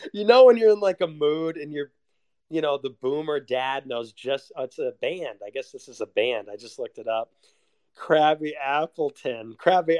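A man's voice: a little high, darkish tone. A young man ranting casually, sardonic and profane, laughing often. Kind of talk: casual rant.

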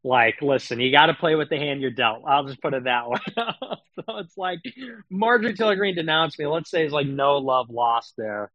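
A man's voice: fairly high pitch, moderate pace, a bit bright, no room sound, muffled recording. A man streaming political commentary, talking in a sarcastic, mocking, casual rant. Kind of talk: casual ranting monologue.

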